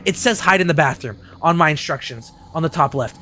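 A young man streaming a game, giving loud and excitable commentary with lots of swearing and trash talk. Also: on the high side, fairly quick, a little hiss or hum. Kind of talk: casual gameplay commentary.

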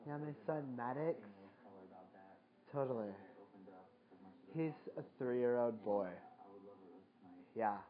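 A man's voice: medium pitch, slow, long pauses. Slangy mocking man on a live stream. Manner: slangy, mocking, swears freely. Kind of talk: casual joking live commentary. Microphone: phone mic. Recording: dull lo-fi phone stream audio.

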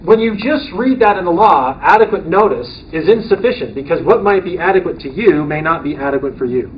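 A man's voice: fairly high pitch, lively intonation, a little fast, slight background noise. An American man leading a training session for county board members, talking casually and often checking in with the room by asking "right?". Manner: conversational, asks the room questions, often adds "right?". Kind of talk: classroom training lecture. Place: meeting room. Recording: distant, dull mic with faint ambience.

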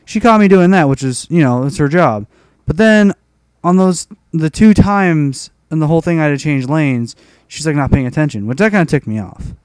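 A man's voice: on the high side, animated, moderate pace, a little mellow, clean tone, no room sound. A young man telling a rambling, profane story in a casual rant over gameplay. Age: young adult. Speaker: gaming commentator.

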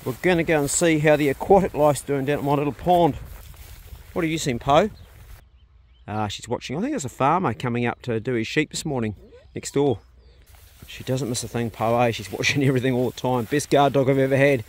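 In this casual walk-and-talk, a homestead vlogger carries his phone around his rural property and rambles good-naturedly, talking to his animals now and then. His mid-range voice moves at a brisk clip.

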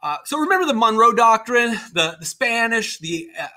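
A man teaching a history lesson in a classroom, joking and sarcastic, slipping into quick voices for the people he describes. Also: extremely high pitch, big pitch swings, pushed and bright. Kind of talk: classroom lecture.

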